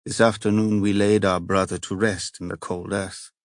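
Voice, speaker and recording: A man's voice: lowish voice, flat delivery, dry recording, studio quality, lightly acted. A man doing a solemn Italian monk. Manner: slow, solemn and measured. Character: tall, solemn, persuasive Italian monk, a man at ease with power.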